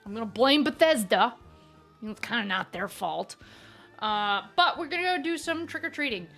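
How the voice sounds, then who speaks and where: A woman's voice: on the high side, lively intonation, moderate pace, vocal fry, fairly bright tone, soft background music. A woman hosting a casual live stream, playful and giggly, greeting her chat by name.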